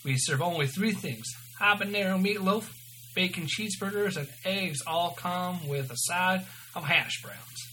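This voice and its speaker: A man's voice: sits high, measured pace, sharp tone, slight background noise, voice pushed up, rough recording. A man voicing a frail, worn-out female diner waitress who talks in a brassy, blunt way, with a Southern accent. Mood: brusque.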